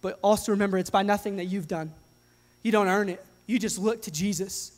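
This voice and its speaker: A young adult man preaching a sermon to his congregation, earnest and animated, often restarting his sentences. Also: high voice, fairly quick. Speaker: pastor. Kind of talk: sermon with live demonstration. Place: church hall with live audience. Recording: long hall reverb.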